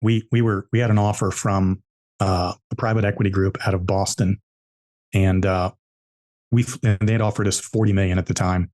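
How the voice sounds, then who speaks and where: A man's voice: low voice, little pitch movement, normal speed, a little mellow. A man, an entrepreneur guest on a podcast, telling business stories emphatically and repeating his key points. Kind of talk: storytelling interview answers.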